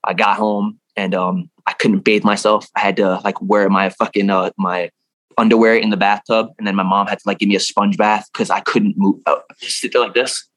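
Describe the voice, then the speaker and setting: A man's voice: lowish voice, flat delivery, normal speed, a bit bright, no room sound. A young man telling a personal story in a casual interview, rambling and cursing freely, laughing now and then. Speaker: guest.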